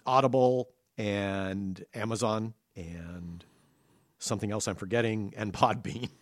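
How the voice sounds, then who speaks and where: A man co-hosting a podcast in casual chat, animated and prone to excited outbursts. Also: on the low side, unhurried, no room sound, clean studio sound. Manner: animated, breaks into excited shouting. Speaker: podcast co-host.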